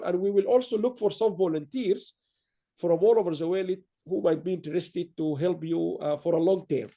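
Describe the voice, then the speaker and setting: High gravelly-voiced male awards host. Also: moderate pace. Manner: rambling, warm praise with many restarts. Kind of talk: online awards ceremony speech.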